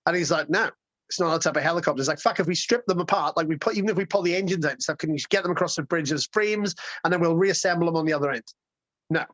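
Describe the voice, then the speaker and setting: A man guest telling a road-trip story in a casual, excitable way, swearing and rambling with lots of restarts. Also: a little high, rapid-fire, no echo, highs cut off.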